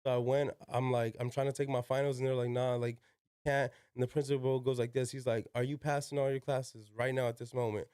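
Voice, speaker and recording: A man's voice: medium pitch, little pitch movement, fairly quick, a little mellow, smooth, no echo, clean studio sound. A young man, a podcast guest, telling a casual story in slangy talk full of "yo", "like" and swearing. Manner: slangy, peppered with "yo" and "like", swears freely.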